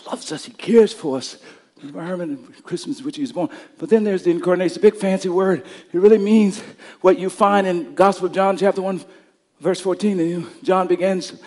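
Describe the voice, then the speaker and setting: A male pastor preaching a sermon, telling stories and building up to shouted climaxes. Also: high voice, in a large hall.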